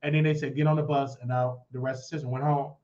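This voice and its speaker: A man hosting his own show, telling a long personal story in an animated way and acting out the voices of the people in it. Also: fast talker. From Chicago. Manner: animated, acts out quoted voices with big pitch jumps. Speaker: show host. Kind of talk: storytelling monologue. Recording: dull lo-fi audio.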